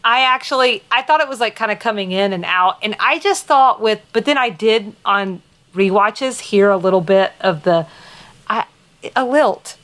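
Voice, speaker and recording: A woman with a light Southern American accent, co-hosting a podcast in casual, rambling chat with quick laughs and playful teasing. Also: mid-range voice, a bit bright. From Southern United States. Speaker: podcast co-host.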